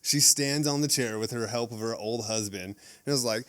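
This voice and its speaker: A young man, a podcast guest, telling stories in a casual chat, animated and laughing often as he acts out quoted voices. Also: mid-range voice, normal speed, dry recording.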